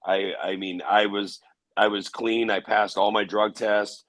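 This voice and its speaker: A man telling a personal story in an interview, halting with restarts and fillers. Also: fairly low pitch, flat delivery, fairly bright tone, no room sound, low-quality recording. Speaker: interview guest.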